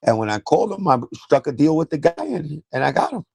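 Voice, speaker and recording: On a casual sneaker livestream, a man with a gravelly voice and a New York accent talks fast in a slightly high register. He's loose, excitable, and profane, trading lots of banter. The audio is close and dry, with no room echo.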